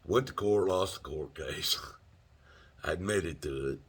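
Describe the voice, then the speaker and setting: Low husky-voiced Southern man rambling. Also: slow pace. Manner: rambling, laughs mid-sentence, swears freely. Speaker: storyteller host. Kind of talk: casual storytelling monologue.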